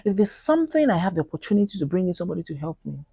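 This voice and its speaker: A woman's voice: lowish voice, racing, creaky, breathy edge, no echo, lo-fi sound. Earnest Nigerian woman vlogging. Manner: animated, acts out quoted voices in Pidgin; earnest and pleading. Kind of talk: casual talk to camera.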